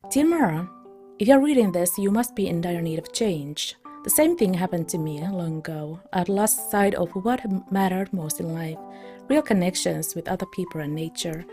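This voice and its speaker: A woman lowers her voice into a kindly old grandpa from a farming game, speaking softly and slowly as he reads out a heartfelt letter. The tone is hushed and tender. Faint game music plays underneath. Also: lively intonation, close to an everyday voice. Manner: soft, hushed, slow reading voice. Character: gentle elderly grandfather writing a farewell letter.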